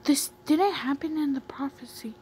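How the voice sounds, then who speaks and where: Brief: a pleading, distressed comic character, as a woman reads it aloud, pitched a little high, with noisy home audio. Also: moderate pace, a little mellow, lightly acted. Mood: upset. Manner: pleading, rising, insistent. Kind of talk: reading a comic aloud with voices.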